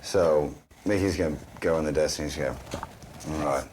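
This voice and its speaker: A man's voice: rumbling low, a little fast, darkish tone, a little hiss or hum. A man playing a tabletop game, rambling and hesitant as he explains his character. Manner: rambling, hesitant, full of ums. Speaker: player.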